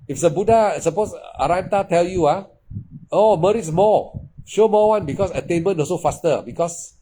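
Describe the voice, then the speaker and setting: A man gives a dharma talk in a mellow, fairly high voice. He speaks emphatically, circles back on his points and uses loose, grammar. A faint hiss and the odd click sit under the recording. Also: rough recording. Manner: repetitive, emphatic, with non-native English grammar. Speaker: meditation teacher.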